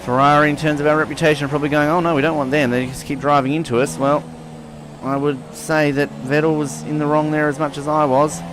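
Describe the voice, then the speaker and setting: A young man giving casual, chatty commentary over his racing game career, swearing now and then and getting excited at the starts. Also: a little high, quick pace. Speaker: gaming channel host. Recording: game engine noise behind voice.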